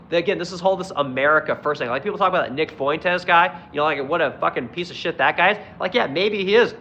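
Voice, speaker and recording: Man, gravelly, bright edgy tone, fairly high voice, heated profane rant, phone live stream. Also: slight background noise, low-quality recording. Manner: swears constantly, blunt and heated. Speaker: live streamer answering chat. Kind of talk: angry profane political rant.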